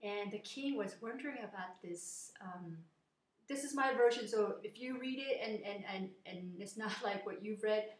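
A woman's voice: medium pitch, moderate pace. A woman casually retelling a fairy tale in a personal message, informal and meandering. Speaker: storyteller. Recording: echoey room.

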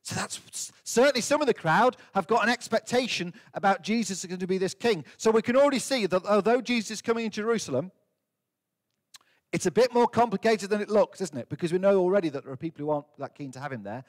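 A light, high-voiced man giving a children's talk in church. He keeps it playful, firing questions at the young ones and teasing out their answers. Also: expressive, fast talker. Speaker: priest leading a family service.

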